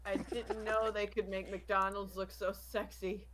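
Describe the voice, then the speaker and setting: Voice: mid-range voice, little pitch movement, a little slow, over a noisy crowd. A player in a tabletop game who keeps exclaiming and is easily amused.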